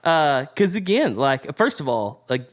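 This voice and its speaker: A man's voice: fairly high pitch, very animated, measured pace. A young adult man in casual chat who laughs often while talking. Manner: warm-hearted, laughs often. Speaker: podcast co-host.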